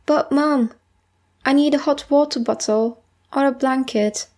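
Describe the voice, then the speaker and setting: A sick little boy, plaintive and a bit whiny but eager, as a woman reader voices him. Spoken high and slowly in a simple children's read-aloud. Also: a little mellow.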